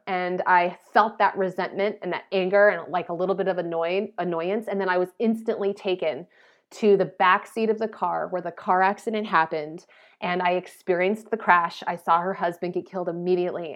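A woman's voice: mid-range voice, moderate pace. A woman telling an emotional personal story in an earnest, searching way, with many restarts. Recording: slightly dull, lo-fi sound.

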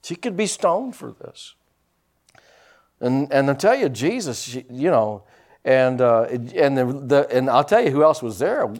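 A middle-aged man preaching a sermon, lively with teasing humor and asides. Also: mid-range voice, measured pace. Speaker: pastor.

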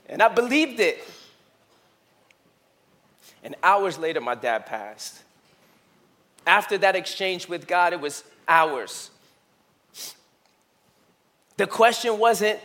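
A male pastor delivering a sermon with a high, bright and forceful voice. He tells a personal story, builds to impassioned emphasis, then drops to hushed, searching questions aimed at his congregation. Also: expressive, slow pace, long pauses. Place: church.

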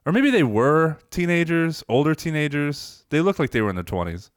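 An easygoing, wry man co-hosting a podcast and reviewing movies in casual chat. His pitch moves around a lot as he talks. He is recorded dry and close. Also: big pitch swings, brisk, clear, resonant tone, dry recording. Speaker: podcast co-host.

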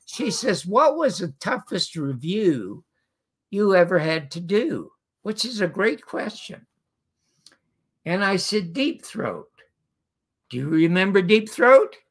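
A man's voice: sits high, takes it slowly, breathy edge. An older man from Canada, an interview guest telling a long anecdote and acting out the voices of the people in it. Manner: lively storyteller who acts out quoted voices. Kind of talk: anecdotal storytelling.

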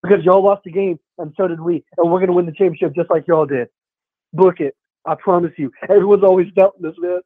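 A man's voice: high-pitched, steady tone, quick pace, no room sound. A man calling into a sports talk show, boastful and insistent, over a tinny phone line. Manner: boastful, insistent, fake crying. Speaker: caller. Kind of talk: heated sports call-in rant.

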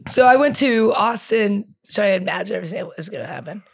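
Animated woman guest on a comedy podcast. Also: medium pitch, vocal fry. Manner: chatty, quick laughs between phrases. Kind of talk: casual podcast chat.

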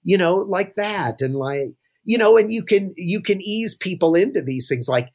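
A man's voice: sits high, animated, normal speed. A man, a pastor, telling anecdotes as a guest in a casual podcast interview, chuckling now and then. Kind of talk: conversational storytelling interview.

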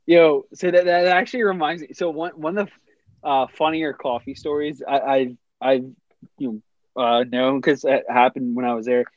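A man's voice: mid-range voice, fairly even intonation, moderate pace, no room sound, dull audio. A young man casually telling a funny story on a podcast, rambling with many restarts and laughing as he goes.

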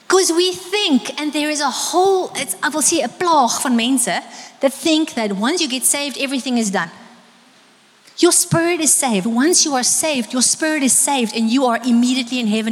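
A middle-aged South African woman preaching a sermon, telling lively stories and slipping into Afrikaans. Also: a little high, big-room sound. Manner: lively storytelling, switching into Afrikaans. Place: church hall.

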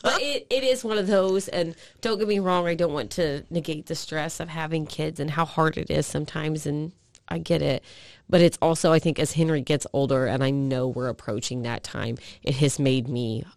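A woman's voice: low voice, normal speed, darkish tone. A woman co-hosting a podcast in casual chat, telling sentimental stories about her kids and laughing often. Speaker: podcast co-host.

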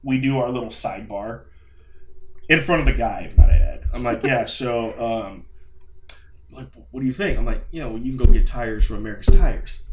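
A man's voice: medium pitch, normal speed, faint music behind. Young guy telling a story, swears a lot, acts out quotes, roomy echo. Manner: animated, profane, acts out quotes. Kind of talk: casual storytelling. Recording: echoey room.

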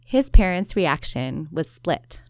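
Female documentary narrator, slightly low. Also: big pitch swings, takes it slowly, slight background noise. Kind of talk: scripted narration.

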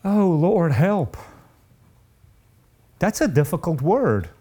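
A man preaching a sermon in an earnest, confessional way, rising high in pitch when he reads out the hardest verses. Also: big pitch swings, takes it slowly, mellow.

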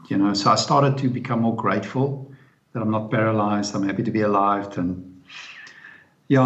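Blunt man in a roomy, dull recording. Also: fairly low pitch. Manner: blunt and frank, tags remarks with "eh?". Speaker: interview guest. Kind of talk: candid storytelling in conversation.

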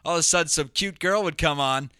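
A young man co-hosting a podcast, telling jokes and stories in a deadpan casual chat. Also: a little high, fast talker, clear, resonant tone, no echo, studio quality. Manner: deadpan, storytelling with silly put-on voices. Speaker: podcast co-host.

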